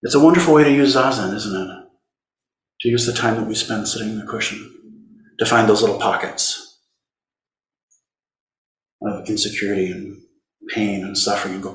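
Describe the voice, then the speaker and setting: A man teaching a dharma talk in a conversational, gentle way, turning tender as he speaks to inner suffering. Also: lowish voice, fairly quick. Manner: gentle, conversational, tender when voicing compassion. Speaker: Zen teacher. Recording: roomy hall recording.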